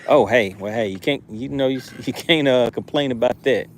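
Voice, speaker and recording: A man runs a fishing livestream in an easygoing, chatty way. He reads viewer comments aloud and laughs often, in a voice of middling pitch. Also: moderate pace. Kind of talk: casual live chat.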